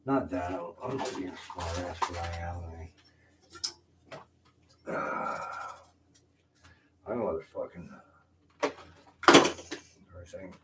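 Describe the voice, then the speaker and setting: A frustrated older man rambles from a room in his house, swearing and then apologizing for it. His voice sits very low. He sounds distant from the microphone over steady background noise. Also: slow, long pauses. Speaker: vlogger. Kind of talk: rambling live-stream talk. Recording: distant, noisy home recording.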